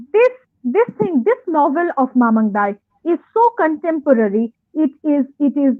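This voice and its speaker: Brief: woman lecturer, high voice, tinny phone-line webinar audio. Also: no echo. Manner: conversational, many fillers and repeated phrases. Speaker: college English lecturer. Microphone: online call audio.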